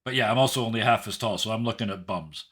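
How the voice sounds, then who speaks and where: A man playing a tabletop game in relaxed, casual chat, laughing often. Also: lowish voice, fast, slightly rough. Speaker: player.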